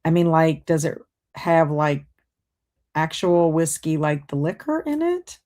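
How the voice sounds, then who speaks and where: A woman's voice: low voice, sing-song, a little slow, darkish tone. A woman hosting a livestream, chatting casually and reading out viewer comments while multitasking. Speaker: BookTube livestream host.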